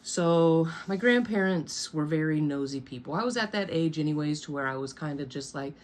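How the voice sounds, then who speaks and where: Low-voiced woman in her thirties, candid storytime. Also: animated, moderate pace, darkish tone. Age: 30s. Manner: candid and blunt, swearing freely, with wry asides. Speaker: storyteller vlogger. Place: bedroom at home.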